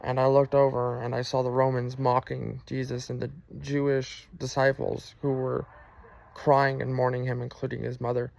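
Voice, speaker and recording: Gravelly man telling a personal testimony. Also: mid-range voice, completely flat delivery, a little mellow. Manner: earnest, halting, with frequent fillers and restarts. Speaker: person sharing a religious testimony.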